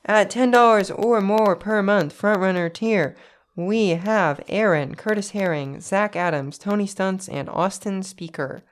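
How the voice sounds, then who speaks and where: A woman's voice: mid-range voice, measured pace. A woman co-hosting a podcast in casual chat, reading patron names and tossing in dry, quippy asides. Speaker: podcast co-host.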